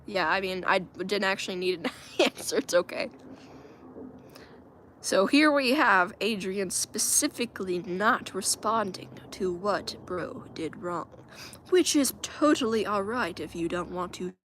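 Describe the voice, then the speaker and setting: A chatty woman hosting a casual livestream from home, speaking into her phone. She answers viewers' comments aloud in an easygoing way and laughs often. Her voice sits at a mid pitch. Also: expressive, measured pace, a bit bright, a little hiss or hum. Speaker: livestream host.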